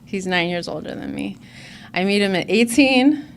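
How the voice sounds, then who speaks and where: A woman in her forties tells her own story at a recovery meeting, speaking candidly and earnestly. Her voice sits at an ordinary middle pitch. A faint hiss runs under the recording. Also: expressive, normal speed. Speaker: conference speaker. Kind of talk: personal recovery testimony.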